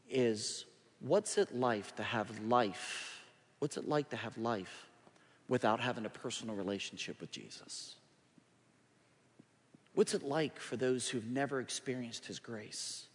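High-voiced preacher in a ringing hall. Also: male voice. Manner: swings from hushed pleading to loud urgent appeals. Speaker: pastor. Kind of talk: sermon. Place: large church sanctuary. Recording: long hall reverb.

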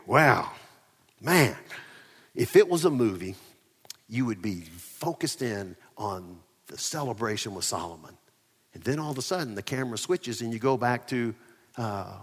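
A man preaching a sermon, swinging between loud emphasis and quiet asides. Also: fairly low pitch. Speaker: pastor. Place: church near ball fields and a parking lot. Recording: echoey church hall.

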